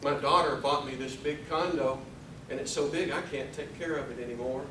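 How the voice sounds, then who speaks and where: A man voicing his elderly mother in a dry, deadpan, matter-of-fact way. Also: mid-range voice, brisk, slight background noise, pitched below the performer's own voice, natural voice. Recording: echoey room, mic at a distance.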